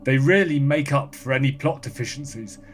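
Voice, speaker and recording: A man chatting as a podcast guest, reading out listener comments in a brisk, offhand way. His voice sits at an ordinary middle pitch, and his delivery stays dry. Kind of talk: casual chat, reading listener comments aloud.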